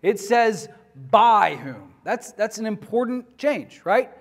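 A man's voice: high-pitched, a little slow, a little mellow. A man lecturing a class on church history in a conversational way, often asking the students questions.

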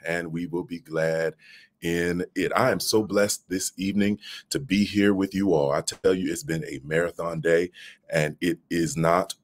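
Recorded on a mobile phone, this man in his late thirties is a pastor giving a devotional livestream from an office. He talks at a normal speed in a low voice with fairly even intonation, using a preacher's rhythm and addressing his listeners directly.

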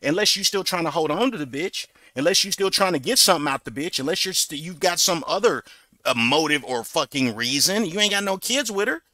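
A man's voice: fairly high pitch, lively intonation, brisk, sharp tone, no echo, studio quality. A man giving blunt, mocking, profane commentary on bodycam footage, closing points with a catchphrase.

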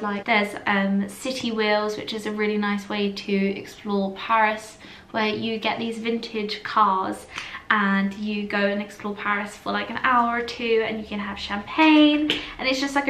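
A woman's voice: a little high, fairly bright tone, roomy sound, slight background noise. A young woman vlogging casually to camera, chatty and full of "like", sounding tired, in a hotel room. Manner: chatty, fills with "like" and "literally". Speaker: lifestyle vlogger. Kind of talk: casual vlog chat to camera.

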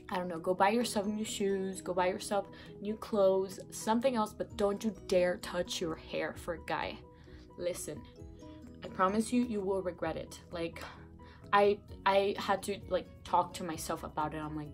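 A woman's voice: medium pitch, moderate pace, faint music behind. A young woman giving casual breakup advice in a vlog, chatty and rambling, with many fillers and self-corrections, sounding a bit sick and congested from her bedroom. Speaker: vlogger. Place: bedroom at home.

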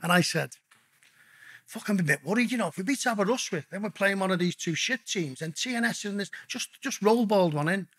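Husky, blunt, sweary middle-aged man. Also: high voice, animated, fairly quick, a bit bright. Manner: blunt, swears constantly, calls the listener mate. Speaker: podcast guest. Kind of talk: casual storytelling interview.

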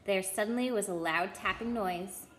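A woman's voice: mid-range voice, moderate pace, a bit bright, roomy sound. A woman storyteller reading a children's book aloud in a friendly, casual way, with a few ums.

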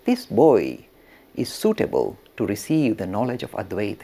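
A man teaching religion through an animated storytelling lecture, now and then chuckling as he talks. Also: fairly low pitch, normal speed, creaky. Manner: animated, chuckles while telling.

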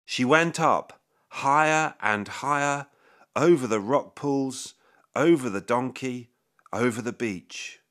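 Slow expressive man reading a storybook. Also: mid-range voice. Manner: slow, deliberate, expressive read-aloud. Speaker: author reading his storybook. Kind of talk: children's story narration. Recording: noisy background hiss.

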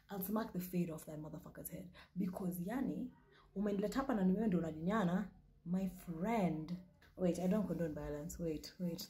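A young Kenyan woman hosting a reaction show, talking loudly and profanely and slipping into Swahili. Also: lowish voice. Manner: loud, profane, switches into Swahili. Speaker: host reacting to a video. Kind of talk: casual reaction commentary.

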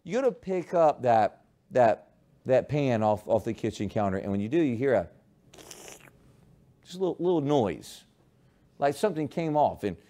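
A man teaches a class, spinning a playful story and addressing students by name. His voice is warm and mellow, and his pitch swoops around a lot as he goes. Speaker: high school history teacher. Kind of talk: classroom lecture with humorous illustration.

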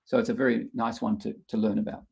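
A man runs a live online workshop, walking through concepts step by step while often restarting and using fillers. His voice is lowish, gravelly and darkish, delivered flat and fast.

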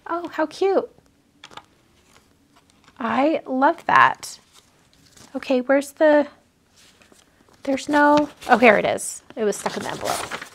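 A woman's voice: high voice, a bit bright, a little hiss or hum. A woman hosting a casual livestream, chatting and gushing as she opens cards sent by viewers. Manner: gushing, chatty, thinks aloud with many fillers. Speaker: card-making livestream host. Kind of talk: casual live chat while opening mail.

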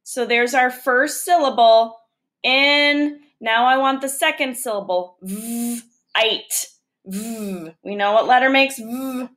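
A woman's voice: high voice, measured pace, fairly bright tone. A woman teacher giving a recorded phonics lesson to young children, patiently sounding out letters and syllables one by one.

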